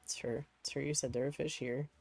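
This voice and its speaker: Mellow-voiced streamer cooing to a cat. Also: medium pitch, level tone, fairly quick, creaky, husky, soft background music, low-quality recording. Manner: cooing baby-talk to a pet, chatty musing while gaming. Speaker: game streamer. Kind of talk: casual live-stream chat while playing. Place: home desk with a computer.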